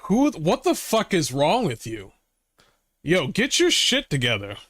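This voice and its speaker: A man streaming from his room, giving excitable, profane reaction commentary and mocking people with voices. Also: fairly high pitch, unhurried, dry recording, studio quality. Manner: excitable, swears often, mocks with voices.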